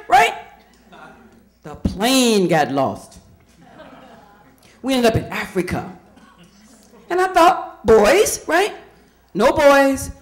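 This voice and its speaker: Female stand-up comic, high and very animated, chatty, quizzes the audience. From Indiana, USA. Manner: chatty, quizzes the crowd with questions. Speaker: stand-up comedian. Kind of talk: stand-up comedy set.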